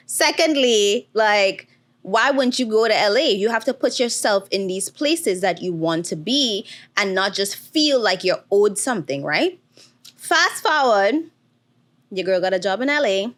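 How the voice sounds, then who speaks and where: A woman's voice: mid-range voice, lively intonation, a little slow, a bit bright. A woman in her thirties hosting her own podcast, talking candidly with lots of fillers and fighting back tears. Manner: candid, chatty, emotional with frequent fillers. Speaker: podcast host. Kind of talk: casual solo podcast monologue.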